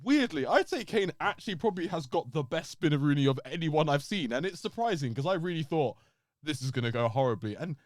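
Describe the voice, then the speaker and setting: A man co-hosting a casual podcast chat, animated, laughing often and swearing as he acts out quotes. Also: a little high, fairly quick, no room sound, studio quality. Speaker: podcast co-host.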